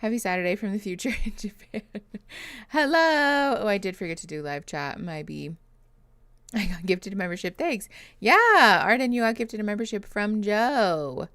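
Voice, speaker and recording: A therapist streaming reactions chats casually on a livestream, reading comments and greeting viewers by name. Her smooth, dry voice is medium-pitched, very animated, fairly bright, at normal speed with no echo. She's chatty and laughs often despite being tired and yawning.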